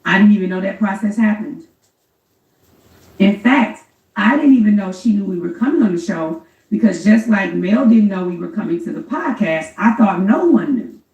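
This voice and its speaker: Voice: mid-range voice, expressive, moderate pace, a little mellow, distant mic, highs cut off. Echoey, off-mic co-host recounting a story. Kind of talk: casual chat.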